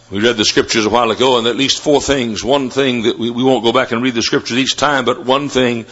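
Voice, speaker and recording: A man preaching a sermon, telling stories and rising to loud, fervent shouts. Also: medium pitch. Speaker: Baptist preacher. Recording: dull lo-fi sermon recording.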